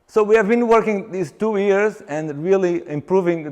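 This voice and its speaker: A high-pitched man gives a seminar talk in a hall with a long echo. He tells stories with animation, stops and restarts his sentences, and acts out what his clients say. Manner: animated storyteller who acts out client dialogue; halting, with many restarts and fillers. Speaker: seminar speaker, exercise coach. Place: seminar venue with long reverb. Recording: reverberant hall recording.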